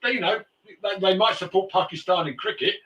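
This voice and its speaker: A man's voice: sits high, brisk, a bit bright. A man hosting a casual talk show, telling stories in a rambling way with many restarts and fillers. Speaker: host. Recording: roomy, distant mic.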